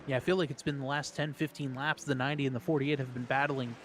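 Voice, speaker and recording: A man's voice: mid-range voice, noisy background. Man calling a race, play-by-play. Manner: quick, energetic play-by-play calling. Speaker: race commentator. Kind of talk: play-by-play commentary.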